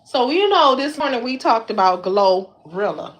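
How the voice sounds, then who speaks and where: A YouTube commentary host from Detroit talks fairly quickly in a high voice packed with slang, slightly winded as she lifts weights. It's a casual chat aimed straight at her viewers, animated and exclamatory, with the same words coming back repeatedly.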